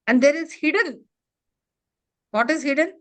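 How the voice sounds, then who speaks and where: A woman, a corporate trainer giving an interactive classroom lecture. She quizzes her class with quick questions and leans on "you know" and "huh?". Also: high voice, lively intonation.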